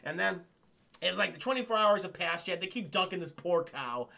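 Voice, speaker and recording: A man's voice: high-pitched, lively intonation, moderate pace, gravelly, sharp tone. A man recapping a film on a livestream in a casual, profane way, talking to his chat. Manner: swears freely and keeps addressing chat. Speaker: streamer and film reviewer.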